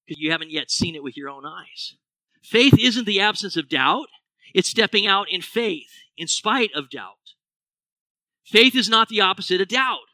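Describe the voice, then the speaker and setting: Male pastor, middle-aged, high voice, dry close sound, animated sermon delivery with rhetorical questions. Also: dry recording, poor audio.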